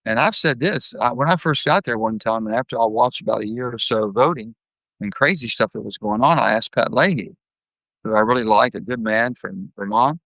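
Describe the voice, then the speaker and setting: An older man, a guest telling blunt, folksy stories and acting out his anecdotes with lively jumps in pitch. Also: a little fast, no echo, low-quality recording. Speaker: guest, former senator. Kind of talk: candid storytelling interview.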